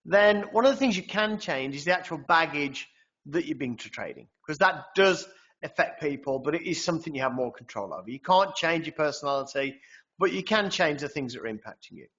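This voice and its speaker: Guy teaching a trading webinar, chatty, keeps saying right?, slightly high voice, muffled audio. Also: fairly bright tone. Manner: conversational, frequent tag "right?". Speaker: trading educator presenting a webinar. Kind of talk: presented webinar talk.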